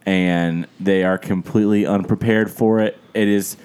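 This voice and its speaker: A man with a very low, smooth, resonant voice talks eagerly in a casual chat. He pushes his recommendation with real enthusiasm. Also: steady tone, normal speed, darkish tone.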